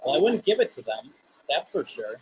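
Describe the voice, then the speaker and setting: A man hosting a live paranormal show, calmly coaxing spirits with questions and frequent hesitations. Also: a little high, brisk, noisy background. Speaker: paranormal radio show host. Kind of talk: live spirit box session, addressing spirits and chat.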